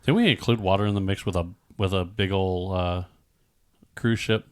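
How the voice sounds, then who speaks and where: A man in his forties from Nebraska hosting a podcast in casual chat, easygoing and halting, often repeating and restarting his words. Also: deep voice, fairly even intonation, clear, resonant tone, no room sound, studio quality. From Nebraska, USA. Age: 40s. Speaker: podcast host.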